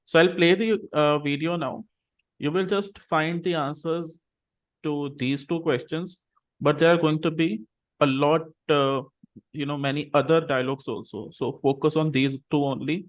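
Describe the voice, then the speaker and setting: A man teaching an English class over a video call, patiently saying words slowly and repeating them for students to copy. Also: fairly high pitch, fairly even intonation.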